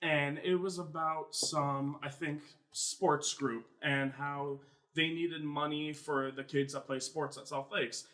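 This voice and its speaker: A young man in his twenties, co-hosting a podcast, telling a story in casual chat, animated and swearing freely, acting out other people's lines in a high mocking voice. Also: takes it slowly. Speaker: podcast co-host.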